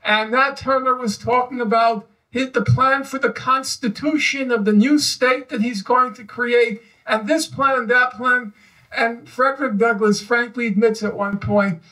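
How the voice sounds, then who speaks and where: A historian speaks at a live event, his voice pitched high for a man. He builds his story slowly and with emphasis, digressing as he goes. He sounds some distance from the microphone. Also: fairly even intonation, pushed and bright. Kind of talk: live public discussion.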